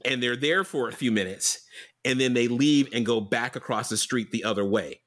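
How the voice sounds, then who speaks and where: A man telling a story in casual chat, animated and profane, with plenty of fillers and restarts. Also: medium pitch, normal speed.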